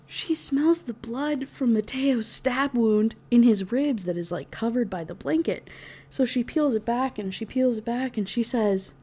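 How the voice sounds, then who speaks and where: A woman's voice: a little high, lively intonation, measured pace, darkish tone, breathy edge. A young woman giving a casual, exasperated book review rant, swearing freely and filling her talk with "like". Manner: exasperated, profane, heavy use of "like".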